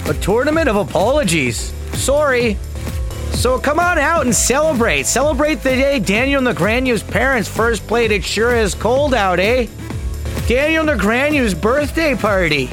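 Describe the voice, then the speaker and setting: A man's voice: high-pitched, full character voice. A man doing a hammy Canadian ad announcer. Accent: put-on Canadian, heavy "eh". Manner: hammy, drawn-out promo delivery. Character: over-the-top male Canadian party ad announcer.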